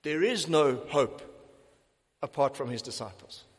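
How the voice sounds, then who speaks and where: A man preaching a sermon, emphatic and deliberate, repeating key phrases for stress. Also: a little high, animated, slightly rough, big-room sound.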